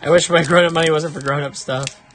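A man chatting casually on a live stream while opening trading cards, excitable and prone to high exasperated yelps. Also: quick pace, music in the background. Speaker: live-stream card opener.

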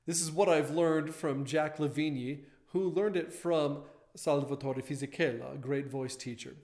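A man's voice: a little high, measured pace, darkish tone. A man teaching a vocal lesson, explaining step by step as he points to a diagram.

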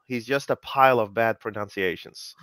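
A man's voice: fairly low pitch, moderate pace, a bit bright, clear, resonant tone, no echo. A man hosting a live coding session, chatting casually and teasing his co-hosts, with lots of "you know".

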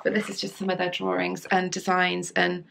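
A woman's voice: fairly low pitch, monotone, normal speed, vocal fry, a bit bright, a little hiss or hum. A young woman hosting a sewing channel, chatting casually and gushing with enthusiasm, with lots of fillers and restarts. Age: young adult. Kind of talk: casual chat.

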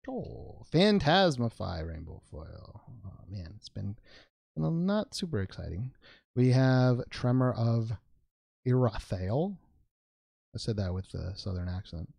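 Lively, gravelly-voiced man unboxing cards. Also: lowish voice, dry recording, studio quality. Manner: rambling, joking, with playful made-up words. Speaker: trading card unboxing channel host. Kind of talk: casual unboxing commentary.

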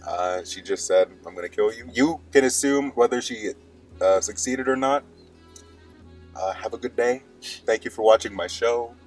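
A man's voice: medium pitch, moderate pace, darkish tone, soft background music, poor audio. A young man co-hosting a podcast, rambling through stories casually, laughing often and acting out quoted lines. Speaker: podcast co-host. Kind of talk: casual chat.

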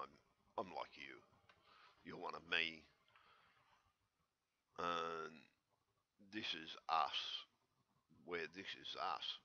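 A middle-aged man rambling excitedly in a solo vlog, repeating his questions as his voice jumps up high. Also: dull audio. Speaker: conspiracy vlogger.

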